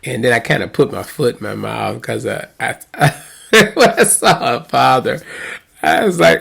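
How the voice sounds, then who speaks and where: Gravelly-voiced middle-aged man telling a story. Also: mid-range voice, lively intonation, a little slow, a bit bright. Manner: rambling, chuckling, many restarts. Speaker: pastor and host. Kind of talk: casual storytelling.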